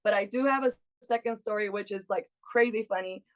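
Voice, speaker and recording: A woman in her thirties telling a lively personal story in casual chat, laughing often and acting out what her friends said. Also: medium pitch, fairly quick. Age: 30s. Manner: animated, laughs often, acts out friends' lines. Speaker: guest.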